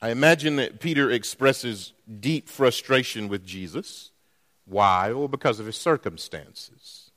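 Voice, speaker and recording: A man preaching a sermon as a pastor, posing rhetorical questions to the congregation in a deliberate way. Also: medium pitch, fairly bright tone. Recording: long reverb in a church hall.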